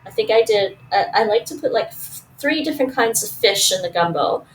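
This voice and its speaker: A woman's voice: medium pitch, expressive, brisk, distant mic, a little hiss or hum, low-quality recording. A woman, chatting casually and thinking aloud while she cooks at home and answers her stream chat. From Toronto, Canada. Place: home kitchen.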